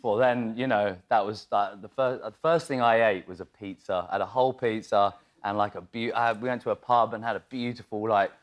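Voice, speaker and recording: Guy on a talk show couch, kinda low voice, laughing a lot as he tells his story. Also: fairly even intonation, brisk, few pauses. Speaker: actor guest. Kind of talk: chat show anecdote.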